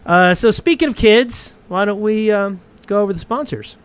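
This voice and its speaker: A man's voice: sits high, moderate pace, clean tone. Chatty young man hosting a podcast. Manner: rambling, self-deprecating, laughs often. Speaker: podcast host. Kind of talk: casual chat.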